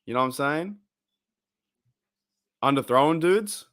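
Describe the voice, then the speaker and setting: A young Australian man hosts a casual livestream, chatting loosely and rambling while he reads viewers' messages aloud. He speaks at a medium pitch and normal speed, with a fairly bright tone.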